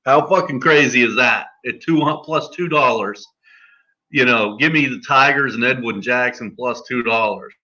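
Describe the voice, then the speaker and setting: A man with a very bright, sharp voice chats casually about betting lines, reeling off odds between ums and restarts. The audio is dull and lo-fi. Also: mid-range voice, normal speed. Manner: rattles off odds, fillers and restarts. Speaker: sports betting podcast host.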